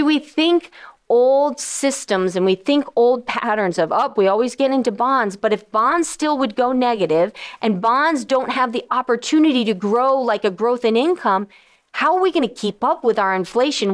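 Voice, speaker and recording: Animated woman financial advisor talking to listeners. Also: on the high side. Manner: animated, acts out quoted voices of investors and funds. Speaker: financial advisor and radio host. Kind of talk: casual explanatory talk to listeners.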